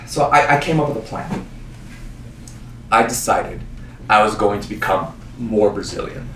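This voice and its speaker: A man's voice: lowish voice, a little slow, slight background noise. A young man performing a self-mocking solo stage monologue in a small performance space. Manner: self-mocking, animated storytelling. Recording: roomy stage sound from a distance, faint ambience.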